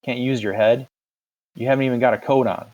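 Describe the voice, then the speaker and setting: A furious young older brother, as a male reader puts him on, his voice pushed high and loud as he scolds. He barks out each question in a raised, strained tone. The sound is dull and lo-fi. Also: steady tone, brisk, lightly acted. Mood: scolding. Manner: shouting, scolding. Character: angry young man, strict older brother.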